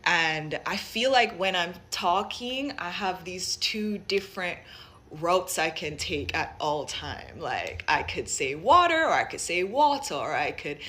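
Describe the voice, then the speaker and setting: A young woman speaks in a light Jamaican accent blended with American tones, musing aloud with plenty of "like" and "you know." Her voice sits a little low for a woman. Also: animated, unhurried, bright, forceful tone. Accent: Jamaican, mixed with American. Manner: thoughtful, many fillers like "like" and "you know". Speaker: vlogger. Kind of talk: reflective casual monologue.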